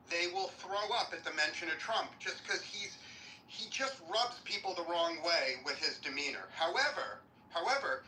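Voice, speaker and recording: A combative man argues his point with blunt, profane force. His voice is very bright and sharp, heard from a distance in a roomy, echoey space with a faint hiss behind it. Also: sits high. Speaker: audience speaker on a live audio chat room. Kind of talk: heated debate talk.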